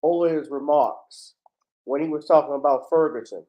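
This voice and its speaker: Male livestream host, fairly high voice, blunt, indignant, foul-mouthed. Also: moderate pace, warm tone. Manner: indignant and blunt, swears freely. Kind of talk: heated commentary.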